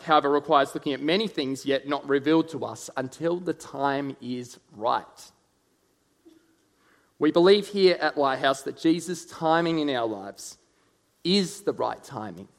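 A man giving a short prepared devotional talk at church in a measured, unhurried way. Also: on the high side, animated.

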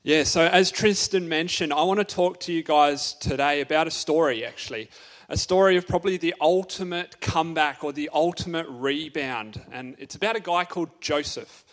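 A man delivers a sermon to young people as an unfolding story. He keeps it playful, often pausing to ask his listeners questions. His voice sits a little higher than most men's. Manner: playful, asks the audience many questions. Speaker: youth speaker. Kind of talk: lively storytelling sermon to youth.

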